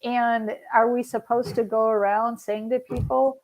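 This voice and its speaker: A woman host with a fairly high voice leads a podcast interview. She affirms her guest and laughs easily. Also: level tone, a little slow, background noise.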